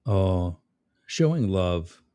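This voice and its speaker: A man's voice: low-pitched, very animated, drawn-out words, dark tone, smooth, dry recording. A man hosting a live stream, reading chat comments aloud and mocking the commenters sarcastically. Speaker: livestream host.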